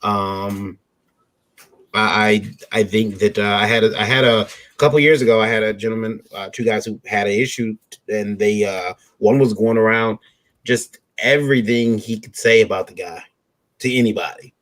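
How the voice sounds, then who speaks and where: Man, casual chat, low voice, measured, hesitant, many ums. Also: steady tone, fairly bright tone. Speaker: podcast co-host.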